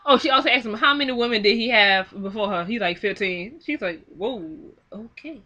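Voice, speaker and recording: A young woman giving a casual film recap, animated and exclaiming, acting out the characters' lines in quick quoted bits. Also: a little high, dull audio. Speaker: film reviewer. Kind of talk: casual movie recap and commentary.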